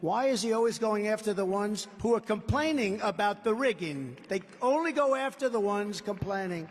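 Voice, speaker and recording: A man's voice: high voice, expressive, moderate pace. A man in his seventies from the United States giving a combative, repetitive campaign rally speech at a podium microphone. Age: 70s. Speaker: political candidate. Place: large indoor rally venue. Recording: long arena reverb.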